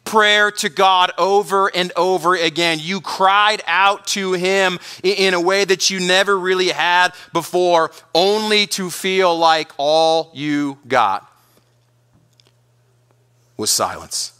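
A man's voice: high-pitched, takes it slowly, bright, forceful tone, clear, resonant tone. A man preaching a sermon as pastor, earnest, often repeating words and restarting.

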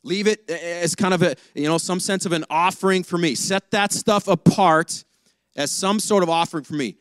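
Young male pastor, casual sermon, animated storyteller, slightly high, smooth and dry. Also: fairly quick, no room sound. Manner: animated storytelling, acts out dialogue, slangy.

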